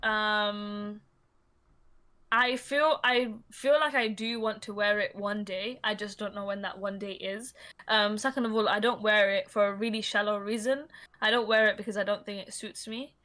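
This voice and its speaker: Bright, emphatic young woman. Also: mid-range voice, moderate pace. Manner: animated, emphatic, repeats herself for effect. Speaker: podcast co-host. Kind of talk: casual chat.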